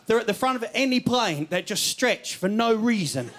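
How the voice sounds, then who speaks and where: A man's voice: high voice, expressive, normal speed. A man from New Zealand with his accent, doing rambling stand-up with laughs and silly voices. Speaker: stand-up comedian. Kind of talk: stand-up comedy. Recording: noisy stage recording.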